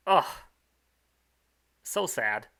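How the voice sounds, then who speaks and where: A man's voice: drawn-out words, pushed and bright. A young man commentating his own game run in a casual, rambling, self-mocking way, full of fillers and restarts.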